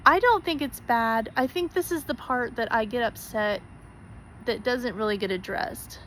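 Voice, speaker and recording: A woman's voice: on the high side, normal speed, a little hiss or hum, rough recording. A woman speaking straight to her viewers in an earnest, pleading way, repeating herself for emphasis. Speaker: spiritual vlogger. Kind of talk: heartfelt direct-to-camera talk.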